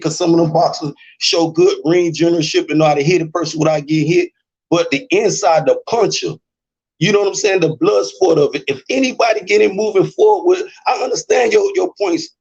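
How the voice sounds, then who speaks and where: A man with a Memphis, Southern US accent rambles in a laid-back way as a co-host and debate guest in a casual debate, using fillers like "you know what I'm saying." His high-pitched voice is husky, and the lo-fi audio is muffled.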